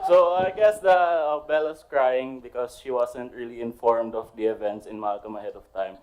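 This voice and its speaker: A man's voice: mid-range voice, moderate pace, darkish tone, rough recording. A young Filipino man giving an upbeat, earnest campaign answer as a student candidate. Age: young adult.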